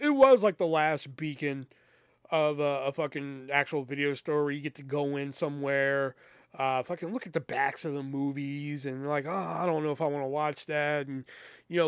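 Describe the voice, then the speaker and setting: A man's voice: on the high side, smooth, no room sound, clean studio sound. Rambling, swearing man telling a story. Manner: rambling, profane, acts out quoted voices. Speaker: podcast host. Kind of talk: casual storytelling monologue.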